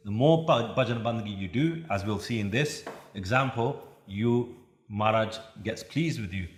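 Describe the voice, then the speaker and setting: A man telling a scripture story as a sermon, chanting verses in a drawn-out voice. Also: lowish voice, lively intonation, slight background noise. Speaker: Sikh preacher. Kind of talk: katha sermon. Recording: echoey room.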